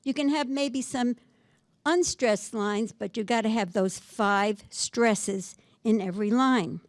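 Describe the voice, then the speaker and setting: A woman giving a poetry lecture in a library, reading verses slowly and then explaining them in a chatty way. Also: on the high side, dry recording. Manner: reads verse slowly, then chats about it.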